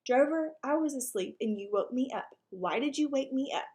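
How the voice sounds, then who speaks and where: A woman's voice: animated, normal speed, a little mellow. A woman voicing a self-important, blustering male ranch dog who talks in a bossy, pompous way. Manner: bossy and pompous, lower than her reading voice.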